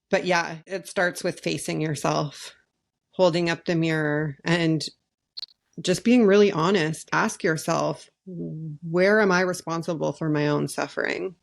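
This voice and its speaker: Gravelly-voiced woman podcast co-host. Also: sits low, steady tone, a little slow. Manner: agreeable, reflective. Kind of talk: casual podcast conversation.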